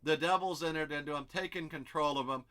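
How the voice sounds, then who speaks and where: A man's voice: on the high side, fairly quick, bright, forceful tone. A man teaching an expository Bible study, explaining step by step and thinking aloud as he works through the text.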